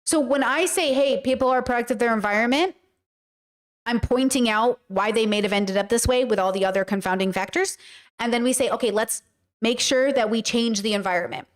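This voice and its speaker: A woman with a slightly high-pitched voice talks straight to her livestream audience. She is blunt and emphatic and swears casually as she reacts and explains. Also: fairly quick. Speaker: streamer and commentator.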